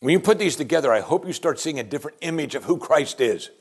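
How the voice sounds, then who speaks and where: A man's voice: a little high, expressive, fast, slightly rough. Emphatic male preacher mid-sermon. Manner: emphatic, repeats rhetorical questions.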